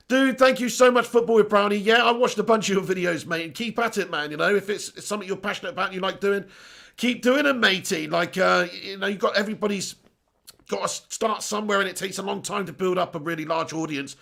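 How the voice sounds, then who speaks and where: Chatty lad with a gravelly voice. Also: male voice, high voice, expressive, brisk, a bit bright. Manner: chatty, laughs often, reads out viewer comments. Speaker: YouTube channel host. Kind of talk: casual live-stream chat.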